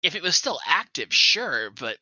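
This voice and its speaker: A man's voice: fairly high pitch, sing-song, normal speed, bright, forceful tone, husky, no room sound. A man co-hosting a podcast in casual chat, mostly giving short reactions and brief remarks. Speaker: podcast co-host. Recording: dull dry lo-fi mic.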